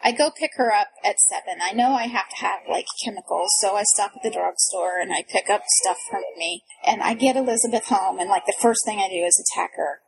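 A woman in her thirties telling a frantic personal story in casual chat, animated and breathless, full of restarts. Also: medium pitch, a little fast, vocal fry, hardly any pauses, husky, poor audio. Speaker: guest storyteller.

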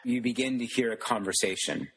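A man narrating as game master of a tabletop role-playing game in a relaxed, chatty way. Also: mid-range voice, fairly quick, gravelly, slightly rough.

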